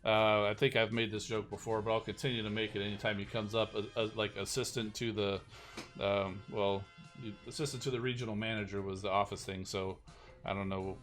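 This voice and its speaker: A man's voice: on the low side, flat delivery, a little fast, a bit bright, soft background music. Rambling male game streamer. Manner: rambling, self-deprecating, many fillers. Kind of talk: casual live-stream commentary.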